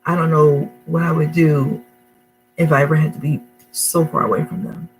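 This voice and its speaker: A woman's voice: on the low side, poor audio. A middle-aged woman talking casually to camera at home, rambling and emotional, with many fillers and restarts. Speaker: vlogger. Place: her home, indoors.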